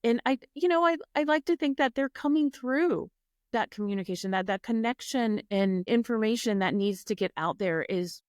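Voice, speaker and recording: A woman guest on a podcast, a foundation founder speaking reflectively in casual conversation, often pausing with "you know". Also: on the high side, expressive, a little mellow, no room sound, clean studio sound. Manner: reflective, halting, many "you know" fillers.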